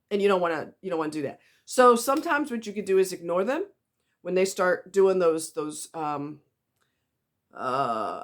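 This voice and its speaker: A woman talking casually to the camera, giving blunt relationship advice in a sassy way and acting out what other people say. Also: lowish voice. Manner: blunt, sassy, acts out quoted voices. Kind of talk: casual monologue.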